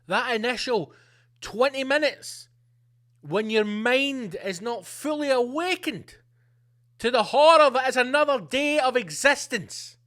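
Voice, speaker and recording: Sweary ranting man, high voice. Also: expressive, measured pace, sharp tone. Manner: angry, sweary, sarcastic ranting. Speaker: podcast host. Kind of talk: ranting solo podcast.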